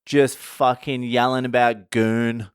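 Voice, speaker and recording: A man's voice: medium pitch, slow, smooth, dry recording, clean studio sound. Sweary Australian man ranting in a vlog. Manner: sweary, animated, laughing at himself. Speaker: vlogger. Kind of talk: casual storytelling rant. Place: indoors, at home.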